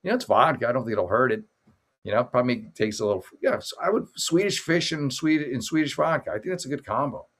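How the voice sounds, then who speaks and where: A middle-aged man chats loosely through a late-night livestream, rambling and joking as he reads out viewer names. His voice sits at an everyday pitch. He talks into a makeshift desk mic in a home office. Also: expressive, fast talker, a bit bright. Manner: rambling, jokey, thanks chat viewers by name. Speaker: livestream show host. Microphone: makeshift desk mic setup.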